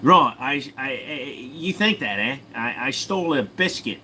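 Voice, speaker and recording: A man's voice: mid-range voice, animated, a little slow, sharp tone, a little hiss or hum, pitched above the performer's own voice. A man voicing a cheeky, defensive Australian man in a put-on Australian accent, jokey and indignant.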